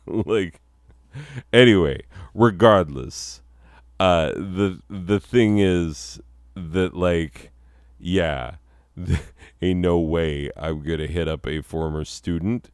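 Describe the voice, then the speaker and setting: A man's voice: sits low, drawn-out words, smooth, dry recording, clean studio sound. A man in his forties talking casually and rambling over his own slides, laughing at himself and leaning on fillers. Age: 40s. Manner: self-mocking, laughs often, many fillers. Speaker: channel host.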